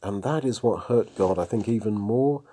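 A man's voice: on the low side, normal speed, warm tone, slightly rough. A man preaching, reading Bible passages aloud and commenting on them, sometimes dropping to a whisper.

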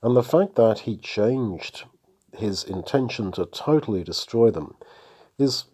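A man's voice: lowish voice, expressive, a little slow, mellow, breathy edge. A man preaching, reading Bible passages aloud and commenting on them, sometimes dropping to a whisper.

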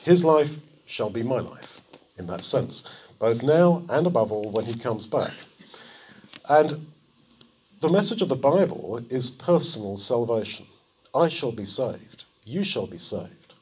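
A man's voice: mid-range voice, breathy edge. A man preaching a sermon, telling the story vividly and acting out the people's words. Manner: animated storytelling, acting out dialogue in quick voices.

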